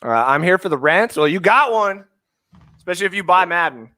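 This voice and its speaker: A Canadian man in his thirties co-hosting a sports podcast, ranting with heavy swearing, swinging from shouting to muttering. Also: sits high, lively intonation, brisk. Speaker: fantasy sports podcast co-host.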